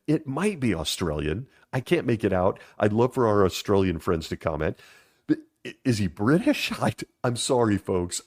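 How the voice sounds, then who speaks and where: Sarcastic man with a lowish voice. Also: darkish tone. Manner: wry, sarcastic, chuckling. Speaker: commentary channel host. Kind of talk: sarcastic commentary.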